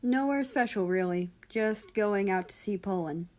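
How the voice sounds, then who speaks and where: A woman's voice: medium pitch, measured pace, darkish tone, lightly acted. A woman voicing a tired, embarrassed young man who protests in exasperation at his doting father. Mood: exasperated.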